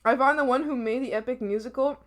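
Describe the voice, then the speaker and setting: A woman's voice: high voice, quick pace. A young woman streamer chatting casually, giggling often and swearing freely while she eats. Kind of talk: casual livestream chat.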